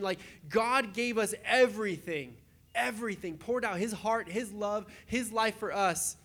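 A man with a high voice preaches in a loose, conversational way, like a pastor chatting with his congregation. He is animated, drops in quick asides and slips into acted-out voices to make his points. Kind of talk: casual conversational sermon.

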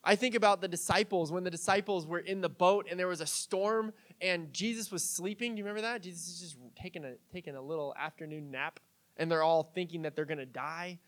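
A young pastor with a high, light voice gives a casual sermon at a fairly quick pace. He chats with his congregation, weaving in stories, small jokes and easy fillers, keeping things relaxed and conversational.

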